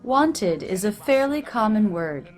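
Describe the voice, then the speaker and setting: A woman teaching pronunciation, clearly and deliberately repeating example phrases. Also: mid-range voice, big pitch swings, faint music behind. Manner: clear, deliberate, over-enunciated demonstrations.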